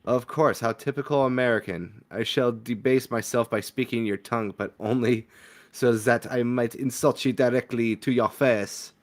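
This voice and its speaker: A man voicing a snobbish female cat with a mock French accent, speaking slowly and pompously. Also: medium pitch, steady tone, natural voice. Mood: disdainful. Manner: slow, disdainful, pompous.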